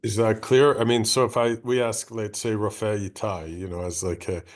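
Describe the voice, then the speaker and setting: Low-voiced man asking a question. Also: little pitch movement, moderate pace. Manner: tentative, thinking aloud. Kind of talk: classroom question.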